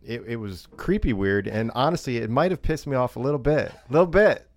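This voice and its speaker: A man cohosting a podcast, teasing his partner with deadpan jokes. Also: mid-range voice, a little fast, no room sound. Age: 30s or 40s. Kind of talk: casual podcast chat.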